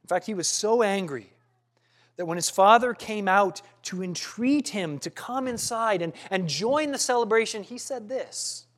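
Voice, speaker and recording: High-voiced man preaching a sermon. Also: lively intonation, fairly bright tone. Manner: earnest, questioning, with dramatic pauses and restarts.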